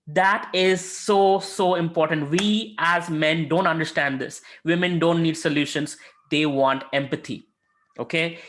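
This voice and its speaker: A man with a slightly high voice teaching an informal spiritual lesson as a mentor. He speaks conversationally, with many filler sounds, and acts out quotes from his stories. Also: fairly even intonation, a little slow, fairly bright tone.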